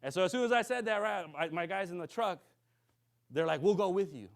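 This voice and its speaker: A man preaching to a congregation. He tells a story with lively, acted-out dialogue and keeps checking in with his listeners. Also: high voice, a little fast, gravelly, smooth. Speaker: minister. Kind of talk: sermon storytelling.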